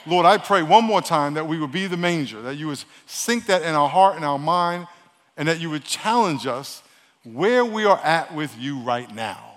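Fast-talking New York pastor in echoing hall. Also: male voice, on the high side, expressive, fairly bright tone. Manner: fast-talking, call-and-response with congregation. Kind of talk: sermon. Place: church sanctuary. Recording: long church hall reverb.

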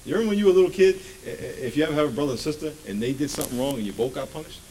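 A pastor preaching a sermon, swinging between loud bursts and hushed asides. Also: male voice, fairly high pitch, expressive, very fast, slight background noise, rough recording.

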